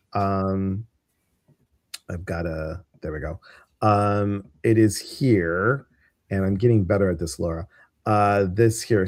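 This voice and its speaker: A man's voice: fairly low pitch, darkish tone, no echo, studio quality. A man with a Midwestern American accent hosting a casual livestream, chatty and rambling with lots of fillers. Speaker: host.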